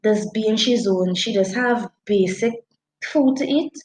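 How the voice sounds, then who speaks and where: A woman's voice: mid-range voice, unhurried. Trinidadian woman co-host, chatty dialect storyteller, roomy sound with faint hiss. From Trinidad and Tobago. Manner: animated, dialect-heavy storytelling. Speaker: podcast co-host. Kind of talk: casual book review chat.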